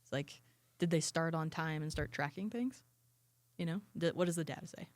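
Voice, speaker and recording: A woman talking as a podcast co-host in casual chat, measured and thoughtful, posing rhetorical questions. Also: deep voice, dry recording.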